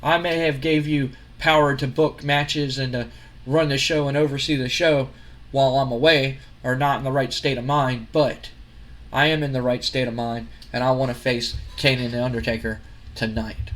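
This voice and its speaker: A man voicing a furious older male wrestling company boss who demands revenge and shouts threats. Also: mid-range voice, level tone, normal speed, hardly any pauses, close to an everyday voice. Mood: angry.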